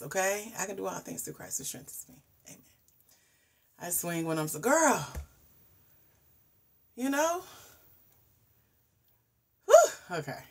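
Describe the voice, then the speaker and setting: Woman, forties, husky, livestream host, animated chatter with hushed asides. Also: mid-range voice, a little slow, pauses often. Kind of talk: casual livestream chat.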